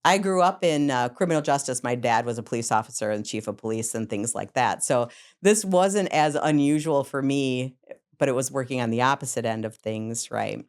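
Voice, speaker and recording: A middle-aged woman with a very low, deep voice speaks as a psychotherapist guest on a podcast. She tells stories from her working life in a lively way, acting out the scenes and laughing along the way. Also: moderate pace. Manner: lively storyteller, acts out scenes, laughs often. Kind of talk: podcast interview storytelling.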